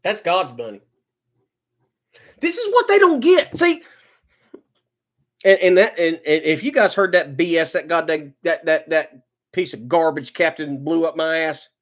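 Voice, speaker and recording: A man's voice: a little high, unhurried, a bit bright. Furious man ranting on a live stream. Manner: heated, profane, repeats himself. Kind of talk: angry live-stream rant.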